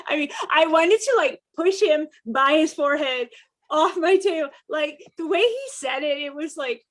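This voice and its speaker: A woman romance author in a casual chat, telling an anecdote with bursts of laughter and playful mock outrage. Her voice sits a little high for a woman. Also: normal speed. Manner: animated storyteller, laughs often, mock outrage.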